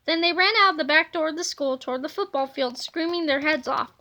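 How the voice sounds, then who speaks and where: A woman reading a children's book aloud in an animated storybook manner. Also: sits high, brisk. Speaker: reader.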